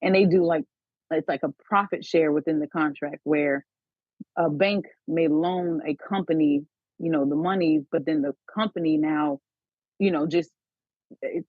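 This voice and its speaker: A woman calls in and thinks aloud, rambling with lots of fillers. Her voice is breathy and dry, heard over a tinny phone line. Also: low-pitched, dry recording. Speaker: caller. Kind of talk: casual phone call.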